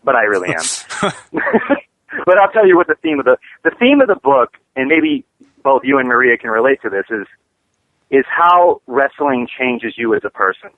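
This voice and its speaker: A man's voice: medium pitch, very animated, normal speed, no echo. A man calling in as a guest, joking about himself and swearing casually. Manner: joking, self-deprecating, swears freely. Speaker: wrestling manager, guest. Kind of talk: casual phone-in interview. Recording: tinny phone line.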